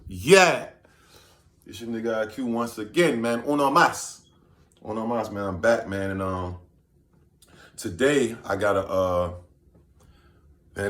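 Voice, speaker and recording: Low-voiced man rambling in an echoey room. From Virginia, USA. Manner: loose, rambling, full of "you know what I'm saying". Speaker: vlogger. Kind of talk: casual storytelling to camera.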